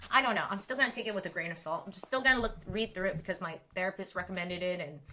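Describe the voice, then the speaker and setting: Racing along with a sharp tone at medium pitch, this young Southern California livestream host chats casually with her viewers. She reacts to chat, laughs frequently and leans on "like" constantly.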